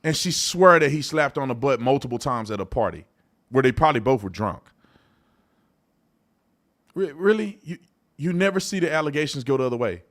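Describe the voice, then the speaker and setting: A man hosts a live stream in loose, colloquial talk and repeats himself often. His voice sits at a middling pitch. He jumps between loud, high outbursts and low, quiet asides. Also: a little fast, pauses often. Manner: animated, swings from loud outbursts to low mutters. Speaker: host. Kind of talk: casual live-stream commentary.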